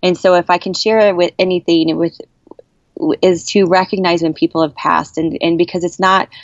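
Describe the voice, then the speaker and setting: A woman around forty tells a personal story in a candid, heartfelt way. She often stops, restarts and searches for words. Her voice sits fairly low, and the recording is dry, with no room sound, and dull, with a muffled lo-fi tone. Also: no echo. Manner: earnest, heartfelt, halting with many restarts. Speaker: interviewee sharing a personal story. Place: at a camp.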